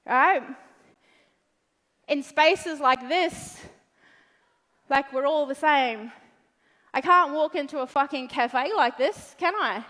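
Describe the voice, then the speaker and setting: Speaking at an event with long hall reverb behind her, a motivational speaker from New Zealand, judging by her accent, delivers her talk bluntly, with profanity and playfulness. Her voice is high, bright and forceful.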